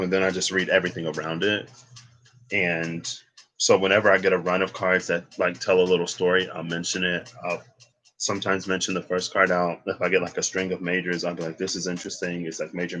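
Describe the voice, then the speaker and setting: A man's voice: sits low, sharp tone, a little hiss or hum, poor audio. A man giving a casual, rambling tarot reading, thinking aloud with asides and bursts of laughter. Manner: laughs and exclaims between points. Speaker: tarot reader.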